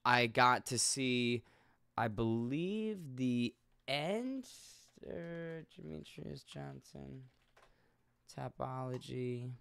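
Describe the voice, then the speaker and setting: A man commenting casually on a video, blunt and animated, swearing now and then. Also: mid-range voice, drawn-out words, vocal fry, smooth, no room sound. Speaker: YouTube commentator.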